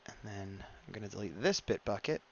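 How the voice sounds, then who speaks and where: A man's voice: fairly low pitch, lively intonation, a little fast, creaky, a little mellow, muffled recording. Chatty man mumbling while he draws. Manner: chatty, mumbles to himself, reads chat aloud. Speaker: streamer drawing live. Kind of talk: casual live-stream chat while drawing.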